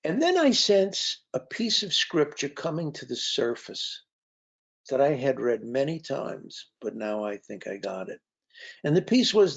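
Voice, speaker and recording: Gravelly man telling stories in a talk. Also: medium pitch, big pitch swings, measured pace. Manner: conversational, anecdotal, with frequent fillers. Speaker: author and speaker. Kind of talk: storytelling talk. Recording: dull lo-fi recording.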